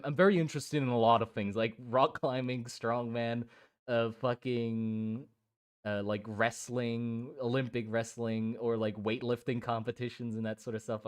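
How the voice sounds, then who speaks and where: A young man from Germany and Thailand chatting casually on a live stream, rambling with many restarts and casual swearing. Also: medium pitch. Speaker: streamer drawing miniatures.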